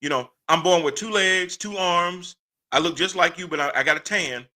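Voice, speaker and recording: A man's voice: high voice, moderate pace, sharp tone. Impassioned man hosting a stream. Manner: impassioned, blunt, laughs often. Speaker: host. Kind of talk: casual livestream talk.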